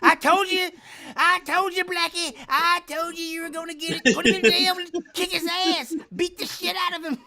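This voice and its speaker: A man's voice: steady tone, normal speed, over a noisy crowd. A man voicing a foul-mouthed, insulting male ventriloquist puppet in a comedy story. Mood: abusive. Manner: shrill, yelling insults. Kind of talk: comedy sketch retelling.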